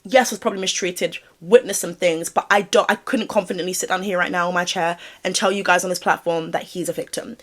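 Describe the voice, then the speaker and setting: A woman commentator on a video channel, speaking frankly to her audience in a casual, animated way. Her voice sits at a middle pitch. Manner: frank, animated, talks straight to viewers. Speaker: YouTube commentator.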